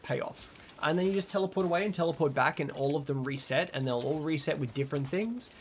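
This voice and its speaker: Australian man, gravelly voice, slightly high, chatty, swears, game stream chat, music behind. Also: a little fast, slight background noise. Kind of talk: casual live-stream gameplay chat.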